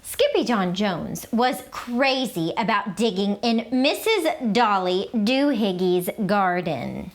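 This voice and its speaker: Animated woman reading a picture book. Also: medium pitch, takes it slowly, hardly any pauses. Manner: warm greeting, animated storytelling. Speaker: teacher reading aloud to children. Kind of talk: children's picture-book read-aloud.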